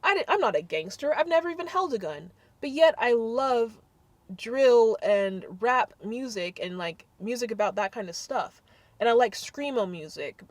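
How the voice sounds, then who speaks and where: A young adult woman talking to camera in a casual vlog, blunt and sassy with animated swings of delivery. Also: a little high, normal speed, no echo. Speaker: vlogger.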